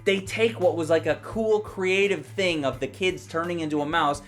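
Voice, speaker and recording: A man's voice: a little high, moderate pace, loud music behind the voice. A young man giving a heated, profane rant as a movie reviewer, sounding exasperated and blunt.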